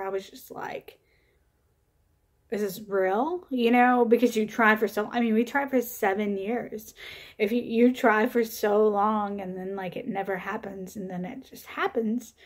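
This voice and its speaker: A young woman vlogging to camera, telling a personal story in a casual, chatty way with lots of fillers and an animated retelling. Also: medium pitch.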